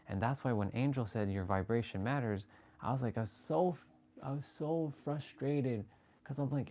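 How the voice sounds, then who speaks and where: A man hosting a casual livestream, talking excitably with rambling restarts and sudden jumps in voice as he relives moments, swearing freely. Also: medium pitch, fairly quick. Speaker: livestream host. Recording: faint background music.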